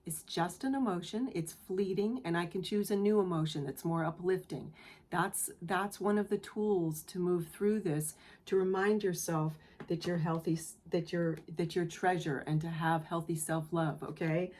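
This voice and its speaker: A woman's voice: fairly low pitch, fairly even intonation, normal speed. A woman hosting her own channel, giving an earnest, affirming tarot reading to her viewers, moved close to tears. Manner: gentle, earnest, affirming; emotional, near tears. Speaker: tarot reader, channel host. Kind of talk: spiritual tarot reading to camera.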